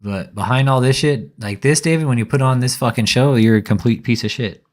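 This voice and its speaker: A man's voice: mid-range voice, a little fast. A man giving live reaction commentary, mocking and profane, often breaking into laughter.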